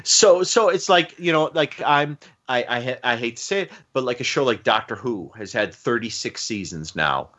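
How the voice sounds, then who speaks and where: A man co-hosting a casual chat, halting and repeating words as he starts sentences. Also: mid-range voice, animated, fairly bright tone. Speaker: podcast co-host. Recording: dull lo-fi sound.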